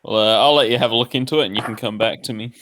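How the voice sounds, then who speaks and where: A man playing in a tabletop game, gruff and offhand as he speaks in character. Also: medium pitch, racing, fairly bright tone. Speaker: player. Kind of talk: casual tabletop play.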